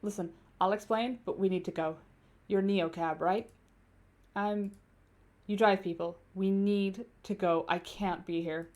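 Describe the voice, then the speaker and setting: A woman voicing a frightened young passenger who urgently begs a driver for a ride, then coaxes her softly. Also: mid-range voice, steady tone, a little slow, close to an everyday voice.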